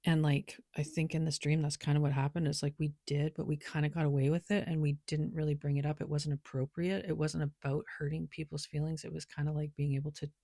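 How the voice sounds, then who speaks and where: Gravelly woman rambling about her reading. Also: deep voice, little pitch movement, fast, few pauses, mellow, dry recording, clean studio sound. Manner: rambling, loose, lots of filler "like". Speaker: tarot and oracle card reader. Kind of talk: casual spiritual vlog monologue.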